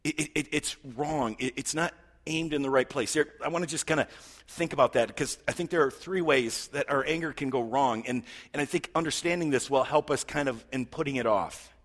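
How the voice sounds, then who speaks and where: A middle-aged male pastor delivers an earnest, conversational sermon, often tripping over his words and restarting. His voice is slightly husky and sits at an ordinary male pitch. A long reverb from a large church hall follows his speech. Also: brisk, fairly bright tone.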